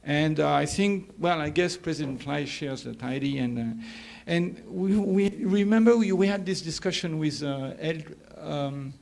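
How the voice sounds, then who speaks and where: A man's voice: fairly high pitch, unhurried, vocal fry, few pauses, darkish tone. A man speaking as a sociologist in an academic workshop discussion, hesitant with many fillers and turning emphatic.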